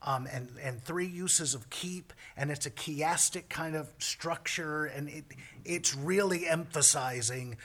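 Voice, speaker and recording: A man explains scripture in an earnest, emphatic way. His voice is bright and forceful, with a husky, breathy edge. His hushed stretches sink to a near-whisper. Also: on the high side, slow pace. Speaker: Bible teacher. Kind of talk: Bible teaching with commentary.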